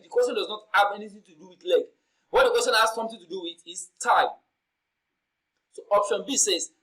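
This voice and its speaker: A man teaching an exam-prep lesson as a tutor, explaining step by step, repeating key points and reading the questions out slowly. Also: high-pitched, a bit bright, poor audio.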